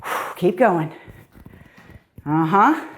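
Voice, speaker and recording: A woman's voice: on the low side, expressive, extremely slow. A middle-aged woman fitness coach leading a guided workout, upbeat and encouraging, a little out of breath as she exercises along.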